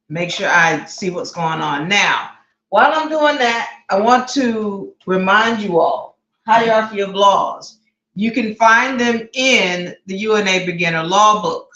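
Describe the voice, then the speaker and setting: Woman, livestream class host, slow and chatty, greets viewers one by one, repeats words, echoey room. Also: medium pitch, pushed and bright, highs cut off. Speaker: online law class host. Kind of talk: casual livestream teaching.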